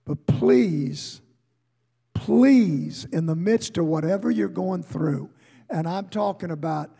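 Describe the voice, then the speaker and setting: A man preaching a sermon to a congregation, swinging from shouted high rises to hushed low asides. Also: normal speed, gravelly, breathy edge, big-room sound. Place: church before a congregation.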